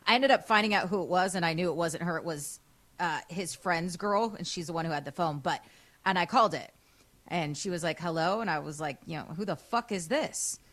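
Bright lively woman co-host, swears a lot telling stories, studio mic. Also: on the low side, brisk. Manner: animated storyteller, swears freely. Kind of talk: casual radio show chat.

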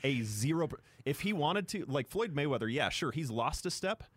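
A man's voice: a little high, big pitch swings, moderate pace, breathy edge, dry recording. A man co-hosting a sports radio show, arguing his points emphatically in a studio. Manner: emphatic, argumentative. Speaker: radio co-host. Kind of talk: casual sports radio banter.

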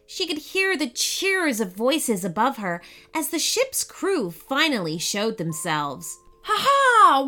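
A woman reads a children's story aloud at a slow, unhurried pace, her voice lifting and falling with animated expression. Her pitch sits a little high, and soft music plays faintly underneath. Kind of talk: children's bedtime story narration.

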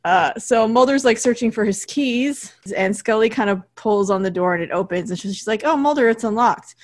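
A woman's voice: mid-range voice, normal speed. A woman co-hosting a podcast, casually recapping a TV episode and quoting the characters' lines as she goes. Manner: chatty, recounts scenes with quoted lines and laughs. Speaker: podcast co-host.

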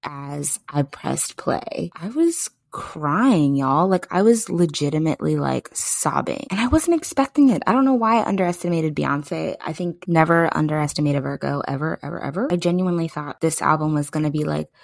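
Gravelly low-voiced excitable woman host. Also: moderate pace, hardly any pauses, no room sound. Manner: effusive, excitable, chatty. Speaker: podcast host. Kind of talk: casual podcast chat.

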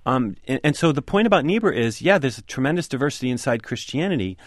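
A man's voice: medium pitch, expressive, fast, no room sound, clean studio sound. A man being interviewed about his book, making his case earnestly with emphatic repetition. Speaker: author and guest. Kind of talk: radio interview discussion.

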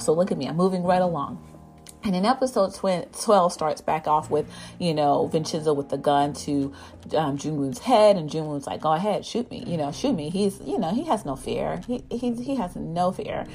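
A woman's voice: fairly low pitch, normal speed. Chatty woman recapping a drama, rambling. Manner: animated, rambling, acts out characters' lines. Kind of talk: casual episode recap.

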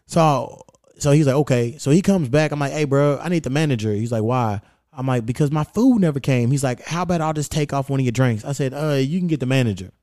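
A man hosting a podcast, telling stories in a profane, animated way with quoted back-and-forth. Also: medium pitch, quick pace, dry recording, studio quality. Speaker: podcast host. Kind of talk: casual chat, storytelling.

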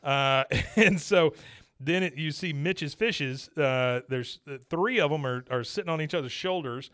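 Animated man recapping a cartoon. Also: a little high, a little slow, no room sound. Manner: animated storyteller, laughs often, many fillers. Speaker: podcast co-host. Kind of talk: casual chat recapping an episode.

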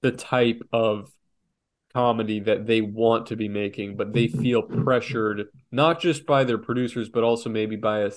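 A man's voice: fairly low pitch, fairly even intonation, moderate pace. A young man co-hosting a casual podcast, rambling and reflective, often restarting his sentences. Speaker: podcast co-host, comic artist.

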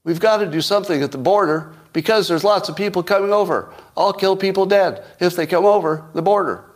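A man's voice: high-pitched, fairly quick, pitched above the performer's own voice, natural voice. A man putting on the anxious, pleading voice of a politician who sounds strained and unconvinced. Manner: raised, strained, up-talk-ish.

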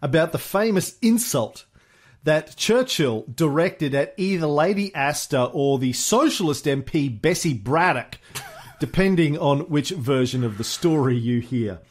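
Male history podcast co-host, lively and jokey, higher voice with big pitch swings. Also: measured pace. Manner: animated, reads quotes aloud, jokey. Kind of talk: casual history podcast chat.

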